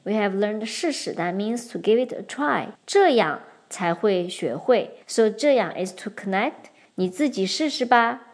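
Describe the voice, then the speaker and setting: A young woman hosting a podcast lesson, explaining Chinese patterns clearly and switching between English and Mandarin. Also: mid-range voice, expressive, a little slow, few pauses. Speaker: podcast host and Chinese teacher. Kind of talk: bilingual language lesson.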